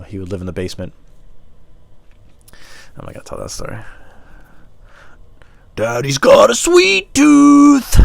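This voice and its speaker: A man's voice: low voice, a bit bright, no room sound. A man hosting a rambling solo podcast, self-deprecating and swearing a lot, a bit out of breath as he smokes on the wooden basement stairs at home into a small wired microphone. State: out of breath, smoking. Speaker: podcast host.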